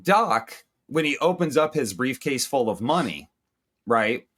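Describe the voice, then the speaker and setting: A man's voice: mid-range voice, expressive, a little slow, fairly bright tone. A man from the United States co-hosting a movie-review podcast, riffing in crude, sarcastic casual chat.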